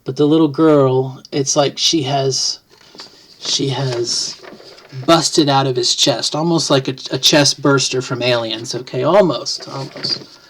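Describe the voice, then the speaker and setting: A woman's voice: a bass voice, fairly even intonation, takes it slowly, slight background noise. Middle-aged trans woman, home vlog, reflective, rambling, wry. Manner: thoughtful, rambling, with many restarts and self-deprecating jokes. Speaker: vlogger. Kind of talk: casual to-camera talk. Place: home, at a computer desk.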